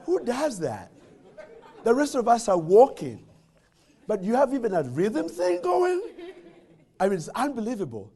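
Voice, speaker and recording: A man's voice: very high voice, unhurried, gravelly, pauses often. A man from Uganda, giving a humorous motivational speech as a guest speaker and telling stories with jokes and frequent restarts. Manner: animated storytelling with jokes and repeated restarts.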